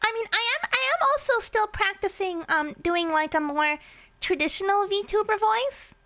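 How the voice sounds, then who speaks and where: A woman's voice: very high-pitched, animated, normal speed, pushed and bright. A woman streaming casually, playful and giggly, trying out silly voices between chatting with viewers.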